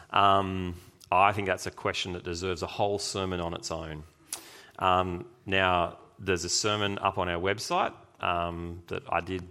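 A man preaching a sermon as pastor, lively and emphatic, with sudden loud bursts. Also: deep voice.

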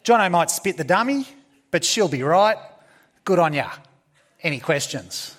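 A man's voice: on the high side, sing-song, unhurried. A man voicing a casual Australian man with an Australian accent, rattling off slang in a breezy, raised voice. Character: broad-talking casual Aussie man.

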